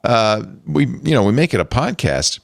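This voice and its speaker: A man's voice: medium pitch, moderate pace, creaky, no room sound. An older man hosting a tech podcast, chatting and joking, then reading the show's schedule and plugs. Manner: animated, jokey, reads show plugs. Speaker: podcast host. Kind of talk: casual chat.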